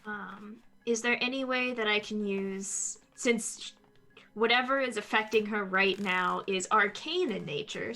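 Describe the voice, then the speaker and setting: A woman plays a tabletop game, working out her question as she speaks. Her voice is bright at a middle pitch, with faint music behind her. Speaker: player. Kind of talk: casual tabletop play.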